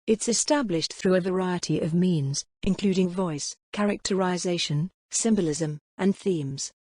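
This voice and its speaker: A woman reading scripted educational narration in a measured, explanatory way, like a teacher. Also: fairly low pitch, a little mellow, no room sound, studio quality.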